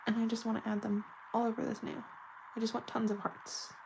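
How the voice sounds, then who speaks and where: A woman's voice: a little high, flat delivery, brisk, gravelly, background noise. A woman chatting casually and giggling while doing her nails on camera. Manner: chatty, giggly, self-mocking. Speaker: nail vlogger.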